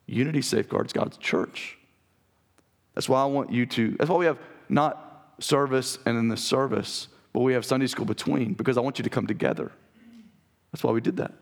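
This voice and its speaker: Raspy pastor guy preaching to his church, gravelly, earnest and direct. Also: medium pitch, moderate pace. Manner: earnest, direct, talks straight to the congregation. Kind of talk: sermon. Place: church sanctuary.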